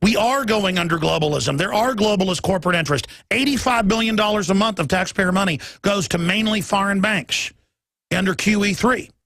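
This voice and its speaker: A man's voice: high voice, fairly quick, a bit bright, no room sound. A man hosting a talk radio show, delivering a heated, emphatic monologue and stumbling over repeated words as he pushes his point.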